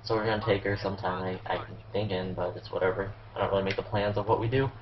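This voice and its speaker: A man's voice: sits low, steady tone, quick pace, crowd noise. A teenage boy doing casual gameplay commentary, rambling with lots of ums and likes and heavy swearing. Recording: roomy, muffled lo-fi sound with faint hiss.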